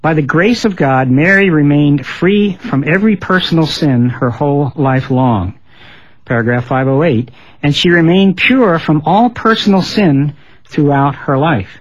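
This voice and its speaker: A man hosting a religious discussion in a measured way, reading quotations aloud. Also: a little high, dry recording, dull audio. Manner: measured, reads quotes aloud. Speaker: host.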